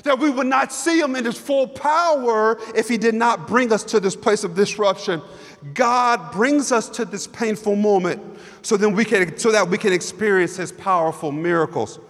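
Man preaching, very high voice, emphatic repetition, long church reverb. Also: moderate pace, a bit bright. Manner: emphatic, repetitive, builds with rhetorical questions. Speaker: guest preacher. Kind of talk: sermon. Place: church sanctuary.

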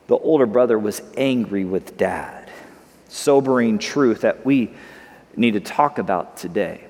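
A man's voice: mid-range voice, lively intonation, moderate pace, darkish tone. A man pastor preaching a sermon to a congregation in a conversational way, often repeating words as he goes. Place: church hall with congregation. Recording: long hall reverb.

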